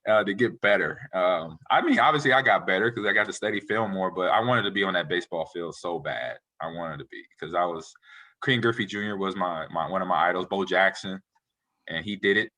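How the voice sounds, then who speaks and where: A man in his forties, a retired football player, telling animated, rambling stories as a guest in a casual interview. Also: low voice, fairly quick. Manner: animated, rambling storyteller who acts out quotes.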